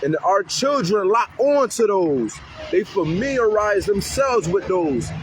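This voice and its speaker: A youth worker talks on a city street corner in a high, animated voice, swearing freely and acting out the kids he works with. Faint traffic hums outdoors behind him. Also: a little slow, rough recording. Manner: animated, profane, acts out kids' voices. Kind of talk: street interview talk.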